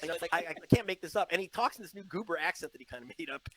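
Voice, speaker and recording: A man's voice: on the high side, fast, poor audio. Emphatic man telling stories in an interview. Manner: emphatic, storytelling, mocking put-on quotes. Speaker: interview guest, investigative journalist. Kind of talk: animated interview talk. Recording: played from an online interview.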